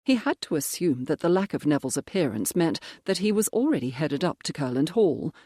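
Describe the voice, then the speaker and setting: Audiobook narrator, calm steady reading, mid voice, dry close mic. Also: medium pitch, fairly quick, husky, no echo. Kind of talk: scripted narration.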